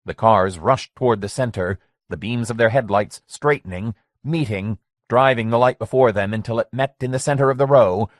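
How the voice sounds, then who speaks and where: Male narrator, low voice, dry close studio sound, steady reading. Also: no room sound. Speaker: audiobook narrator. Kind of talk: scripted narration.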